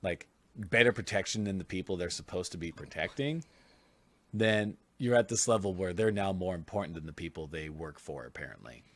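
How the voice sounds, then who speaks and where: A man's voice: low voice, fairly quick, a bit bright. A man co-hosting a podcast in casual chat, blunt and argumentative, swearing freely. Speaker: podcast co-host.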